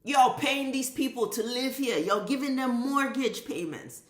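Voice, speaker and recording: A woman's voice: high voice, measured pace, roomy sound. A woman vlogger delivering an impassioned, profane commentary rant, driving her points home with emphatic repetition.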